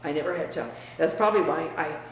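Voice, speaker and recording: An older woman from the US Midwest, reminiscing about her family in a frank, emphatic way that often drops quiet. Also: low voice, fast talker. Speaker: interviewee. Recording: echoey room, distant mic, faint hiss.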